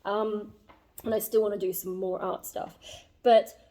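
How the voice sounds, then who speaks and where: A woman's voice: mid-range voice, level tone, a little slow, dark tone. A young woman telling a personal story to her vlog audience, rambling with many fillers and reflecting earnestly on herself. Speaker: vlogger.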